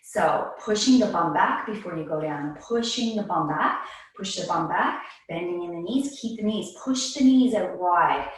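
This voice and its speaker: A woman teaching a guided yoga class, calmly cueing breaths while moving and a little out of breath. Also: lowish voice, normal speed. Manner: calm, cueing breaths while doing the moves herself. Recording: very echoey room, mic at a distance.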